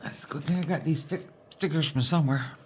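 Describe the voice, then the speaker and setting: Sorting her diamond painting supplies, a woman from Newfoundland, Canada talks fast in a low voice, rambling casually against slight background noise. Her manner is folksy, and "boy" turns up at the end of many of her sentences.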